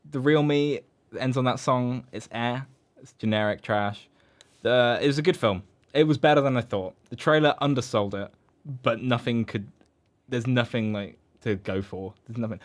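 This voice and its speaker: A young man co-hosting a podcast, chatting casually and rambling about films. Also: medium pitch. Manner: chatty, rambling, slips into silly impressions. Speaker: podcast co-host. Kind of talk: casual film review chat.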